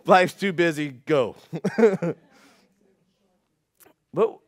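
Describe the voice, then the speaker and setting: A man preaching a conversational sermon, telling stories with folksy self-deprecating humor, dropping to quiet asides and climbing to loud, emphatic peaks. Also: mid-range voice, animated, moderate pace, no echo. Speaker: pastor.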